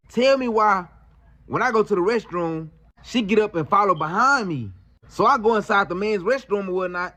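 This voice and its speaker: Casual male storyteller, high-pitched, slangy and animated. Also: moderate pace. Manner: slangy, animated retelling with lots of fillers.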